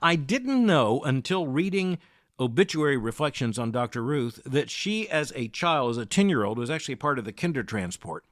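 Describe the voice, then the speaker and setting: A middle-aged man from the United States hosting a daily news commentary, speaking in a measured, emphatic way with deliberate pauses. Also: mid-range voice, sing-song, a bit bright, no echo, studio quality. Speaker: podcast host.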